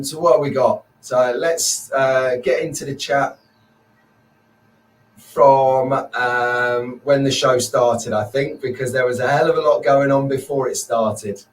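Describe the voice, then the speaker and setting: Male stream host, chatty and cheerful, pitched a bit high, recorded from a distance. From Merseyside, England. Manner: chatty, upbeat, rambling, greets viewers by name. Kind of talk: casual live stream chat.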